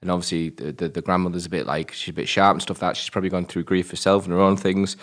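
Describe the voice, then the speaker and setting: Man, northern English accent, very deep voice, blunt, swears, casual film chat. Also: little pitch movement, rapid-fire. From Britain. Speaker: film review podcast co-host.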